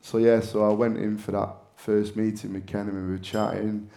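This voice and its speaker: A middle-aged English actor with a Manchester accent tells stories as an interview guest, poking fun at himself and laughing often. His voice sits on the low side with a flat delivery, normal speed, vocal fry, and a mellow quality.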